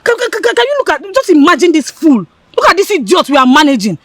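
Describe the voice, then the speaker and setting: A woman's voice: mid-range voice, lively intonation, normal speed, slightly rough, no room sound. A scornful scheming young woman. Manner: scornful, insulting. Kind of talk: Nollywood film acting.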